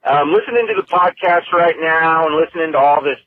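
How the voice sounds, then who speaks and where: A man's voice: a little high, brisk, no room sound. A man leaving a chatty, hesitant voicemail, full of ums. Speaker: voicemail caller. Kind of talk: casual voicemail. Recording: dull lo-fi voicemail.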